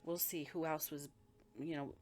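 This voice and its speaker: A woman's voice: low-pitched, steady tone, moderate pace, a little mellow. A woman giving a blunt, profane intuitive reading, talking emphatically as she reads the energy of the people involved. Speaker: spiritual reader.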